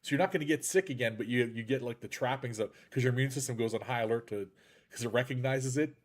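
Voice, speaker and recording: Over a video call, a man with a mid-range voice hosts a casual live chat show, talking fast. He's a lively, jokey podcast host who rambles, and he sounds a little congested.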